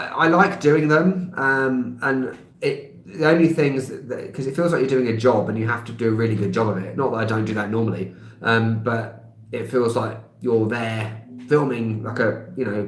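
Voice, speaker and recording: A man in his thirties with a London accent, chatting casually on a live stream and answering viewers' comments, rambling with many filler sounds and small laughs. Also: medium pitch. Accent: London English. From England. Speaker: travel vlogger. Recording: roomy echo.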